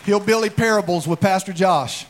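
A high-voiced pastor speaks at normal speed in a church sanctuary, with some chatter from the congregation behind him. He delivers a funny sermon through folksy, animated storytelling, breaking out into shouts.

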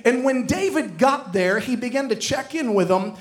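A man's voice: extremely high pitch, expressive, normal speed. A man preaching a sermon, retelling a Bible story with acted-out dialogue and calls to the congregation.

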